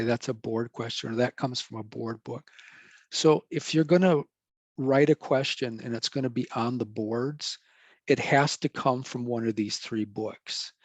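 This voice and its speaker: A man's voice: medium pitch, dry recording. A middle-aged man, a professor, giving a casual, rambling recorded lecture and correcting himself as he goes.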